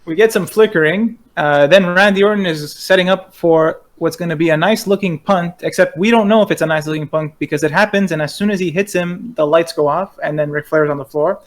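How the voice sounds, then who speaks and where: A man co-hosting a podcast in a casual, chatty way. He walks through events step by step and adds wry asides. His voice is a little higher than most men's. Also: brisk, few pauses. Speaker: podcast co-host. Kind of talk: casual recap chat.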